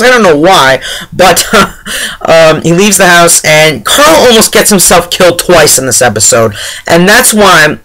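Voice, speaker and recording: A man's voice: sits high, animated, unhurried, sharp tone, rough recording. A man giving a casual, rambling spoiler review of a TV episode, full of fillers and exasperated asides.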